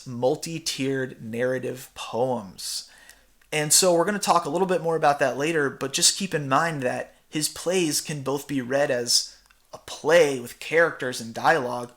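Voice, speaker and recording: A man's voice: a little high, a bit bright. A man, a theatre teacher, giving a recorded slide lecture in a casual, chatty way with many fillers.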